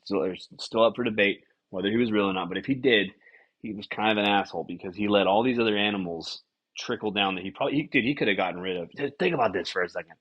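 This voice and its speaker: A husky young man with a lowish voice riffs on whatever comes to mind, swearing freely and jumping into little acted-out lines. The sound is slightly dull and lo-fi. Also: quick pace. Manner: rambling, profane, animated with acted-out quotes. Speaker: podcast host. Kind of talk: casual comedic monologue.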